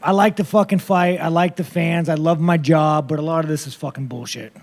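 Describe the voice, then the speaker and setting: A man with a slightly high, gravelly voice rattles off rough press-conference answers. He is blunt and profane and rambles from one thought to the next. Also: fairly even intonation, brisk, darkish tone.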